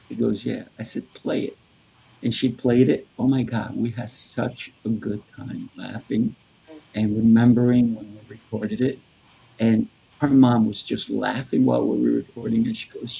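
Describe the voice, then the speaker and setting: Man, co-host, husky, dark tone, halting casual storytelling. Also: mid-range voice, little pitch movement, poor audio. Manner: halting, repeats words, laughs easily. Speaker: podcast co-host.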